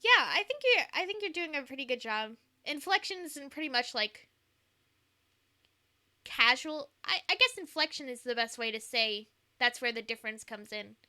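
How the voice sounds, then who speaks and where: A woman's voice: high voice, pushed and bright. A woman streaming a game, reading it aloud and chatting in a playful manner. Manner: playful, laughs easily. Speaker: streamer reading a visual novel.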